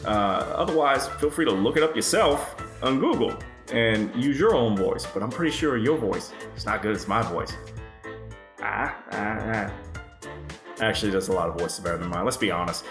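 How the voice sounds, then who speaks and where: A man's voice: on the low side, animated, moderate pace, roomy sound, over music. Profane, rambling male storyteller. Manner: laid-back, joking. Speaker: host. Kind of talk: casual storytelling.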